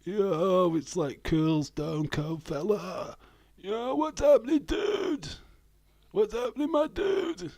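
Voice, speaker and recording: A man faking a high-voiced laid-back American dude. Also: animated, takes it slowly, vocal fry, a little mellow, no echo, heavily acted. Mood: chill. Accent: Yorkshire, faking American. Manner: drawling, slangy greetings.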